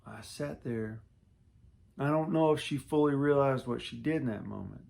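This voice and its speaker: A man's voice: mid-range voice, moderate pace, gravelly, a little mellow. A man telling his own story in a casual, earnest way, speaking straight to the viewer and repeating himself for emphasis. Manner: earnest, repetitive and emotional, talks to the viewer directly. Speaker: storyteller recounting quitting smoking.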